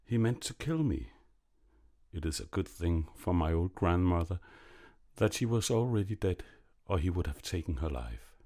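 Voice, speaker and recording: A man voicing a clever young peasant in a fairy tale, brisk and lively. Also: deep voice.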